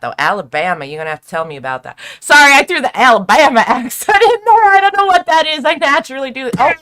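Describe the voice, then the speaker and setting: Female stream host, upbeat and slangy, bright and animated delivery. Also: on the high side. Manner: upbeat, laughs often, slangy. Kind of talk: casual live-stream chat.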